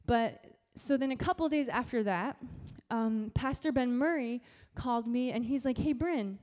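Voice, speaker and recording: Young woman youth pastor preaching, high voice, lively casual storytelling, says dude and sick. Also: moderate pace. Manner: animated storytelling, casual slang. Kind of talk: sermon.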